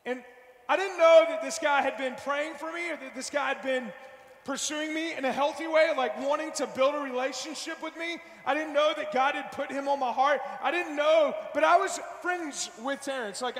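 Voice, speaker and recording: A man giving a fervent, loud youth sermon, slangy and direct with his listeners. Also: extremely high pitch. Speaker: youth speaker. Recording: echoey hall with long reverb.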